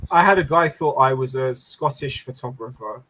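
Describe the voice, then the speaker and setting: An English man in casual chat, telling stories lively and laughing often. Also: mid-range voice, normal speed, slight background noise. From England. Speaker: show host.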